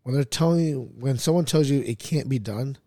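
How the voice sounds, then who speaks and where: A man hosting a podcast, chatting casually with friends, animated and swearing, laughing at his own jokes. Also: medium pitch, a little fast, no echo, clean studio sound. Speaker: podcast host. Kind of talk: casual chat.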